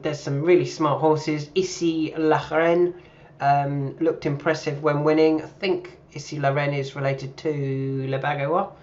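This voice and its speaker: A man's voice: on the high side, muffled recording. Chatty man giving racing tips. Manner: chatty, thinking aloud with many fillers. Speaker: horse racing tipster. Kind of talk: casual racing analysis.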